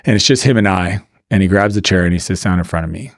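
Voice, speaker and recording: A Canadian man, a guest on a podcast, tells a personal story in a casual interview, speaking conversationally with many filler "like"s, trailing off and starting over. His voice is deep and he talks fast. The studio sound is clean with no echo.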